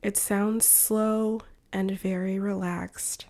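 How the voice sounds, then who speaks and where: A woman from the United States, an English teacher reading a shadowing lesson in slow, carefully separated phrases. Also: mid-range voice, little pitch movement, mellow. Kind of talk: slow shadowing practice narration.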